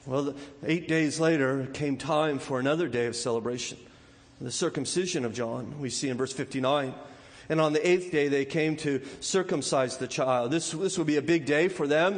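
A man's voice: a little high, big-room sound. A man preaching a sermon in a conversational way, often repeating words and playfully acting out the voices of people in the story. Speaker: pastor.

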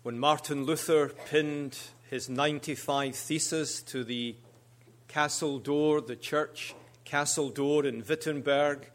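A man preaching as a guest minister, speaking in measured, deliberate short phrases. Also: fairly high pitch, fairly even intonation, a bit bright. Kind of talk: sermon.

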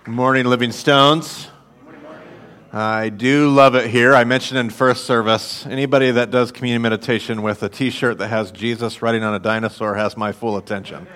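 A man preaching a sermon as a guest speaker on a church stage, playful and animated, calling on the congregation to repeat words. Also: medium pitch, normal speed, slight background noise. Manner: playful, animated, audience call-and-response.

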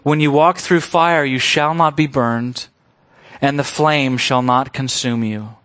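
A man preaching an expository sermon, leaning on key words and asking his listeners questions. His voice sits at an ordinary middle pitch. The sound is close and dry, with little room around it. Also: fairly even intonation, a little slow, a bit bright, no room sound. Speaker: pastor.

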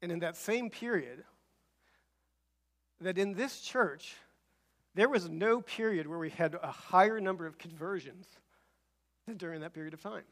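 A middle-aged man preaching a sermon as pastor, telling a personal story with halting restarts and building to emphatic repeated phrases. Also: high-pitched, a bit bright.

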